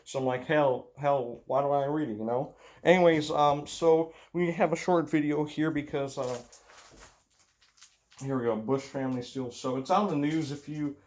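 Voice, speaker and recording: A man with a Midwestern accent tinged with Southern, talking casually to his viewers from a room at home. He meanders, backtracks and fills pauses with ums as he chats, with an ordinary, middle-pitched voice. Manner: chatty, meandering, many fillers and restarts. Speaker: racing channel host. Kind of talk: rambling casual vlog commentary.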